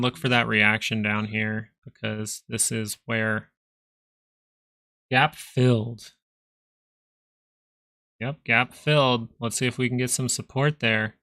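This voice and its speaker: A man's voice: medium pitch, steady tone, moderate pace, pushed and bright, clean tone, no room sound. A young man hosting a live stock market stream, chatting casually and reading viewer comments aloud. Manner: chatty, rambling, reads chat aloud. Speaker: stock market livestream host.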